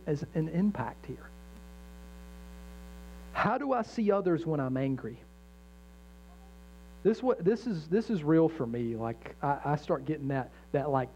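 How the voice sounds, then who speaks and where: Young male pastor, conversational and emphatic sermon delivery, mellow tone, faint hum behind. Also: a little high. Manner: conversational, self-correcting, emphatic preaching. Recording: dull lo-fi sound with faint mains hum.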